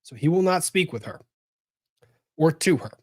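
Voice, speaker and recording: A man's voice: a little high, expressive, moderate pace, no echo, studio quality. A man hosting a live legal commentary show, thinking aloud, exclaiming and swearing as he reacts.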